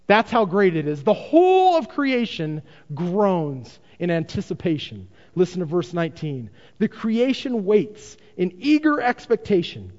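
Male pastor, high and animated delivery, captured in a reverberant church on lo-fi audio. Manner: emphatic preaching with rhetorical questions. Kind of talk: sermon. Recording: dull lo-fi recording in a reverberant hall.

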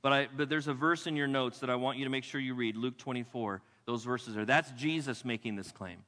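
A male pastor preaching a sermon in a church with emphatic delivery, repeating key phrases and dropping to a hush for weight. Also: medium pitch, fairly quick. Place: church sanctuary. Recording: long hall reverb.

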